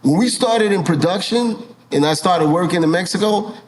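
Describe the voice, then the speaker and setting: A man being interviewed as a director, telling animated stories, swearing casually and acting out what people said. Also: sits high, normal speed, slight background noise, low-quality recording. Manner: animated, swears casually, acts out quoted dialogue. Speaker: film and TV director, guest.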